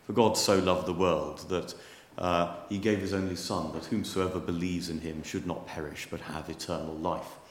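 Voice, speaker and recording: A certain, emphatic fundamentalist church leader, as a preacher puts him on speaks in a deep, low voice. An echoey church rings behind him. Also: male voice, steady tone, normal speed, hardly any pauses, slight background noise, close to an everyday voice.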